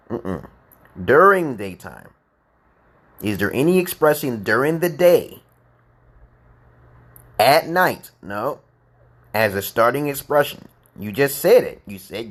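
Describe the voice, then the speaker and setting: Lively-pitched man lecturing on a live stream. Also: slow, pauses often. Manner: lecturing, repeats himself, asks "correct?" and "okay?". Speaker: host of a live chat and English practice stream. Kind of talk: casual livestream chat and English lesson.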